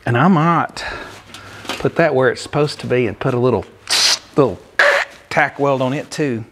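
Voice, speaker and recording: A DIY car builder, out of breath, chats in a folksy, joking way while working on a car in his garage, as if giving a casual workshop tutorial. His voice is medium-pitched at a moderate pace, with background noise in the recording.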